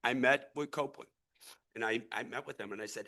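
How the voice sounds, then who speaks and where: This middle-aged man, who grew up near St. Louis, pleads his case as a real estate investor before the city council in a gravelly, bright, forceful medium-pitched voice at a slightly fast clip. Earnest and rambling, he keeps repeating and restarting words.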